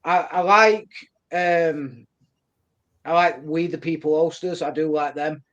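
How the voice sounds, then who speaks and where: A man's voice: a little high, fairly even intonation, slow pace, a bit bright, lo-fi sound. A man with a Northern English accent, a security team member joking and chatting casually on a podcast.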